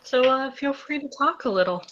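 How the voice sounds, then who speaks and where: A woman's voice: high-pitched, expressive, normal speed, fairly bright tone, dull audio, slight background noise. A woman running a tabletop role-play game, matter-of-fact as she calls the rolls. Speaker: game master.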